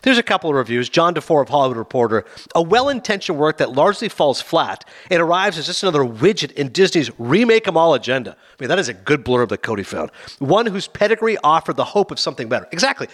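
A man hosting a casual film review chat, talking fast and acting out scenes in quoted voices. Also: on the high side, very animated, a bit bright.

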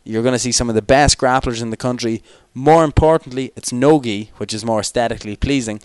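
A man's voice: mid-range voice, fairly quick, clear, resonant tone, dry recording, clean studio sound. A young man co-hosting a podcast in rambling, jokey, tired late-night chat. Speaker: podcast co-host. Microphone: external microphone.

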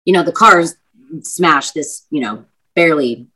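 A woman's voice: sits low, animated, unhurried, bright, forceful tone, low-quality recording. A young woman, an actress and singer, telling stories in a casual chatty interview, full of fillers and vivid retelling.

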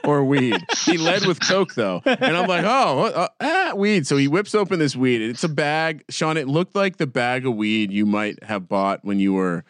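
A man's voice: medium pitch, animated, normal speed, few pauses, fairly bright tone, clear, resonant tone, dry recording. Middle aged guy rambling thru a story on a podcast, swears a lot, dry sound. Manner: rambling storyteller with many restarts, swears freely. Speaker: podcast co-host. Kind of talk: casual sports podcast chat.

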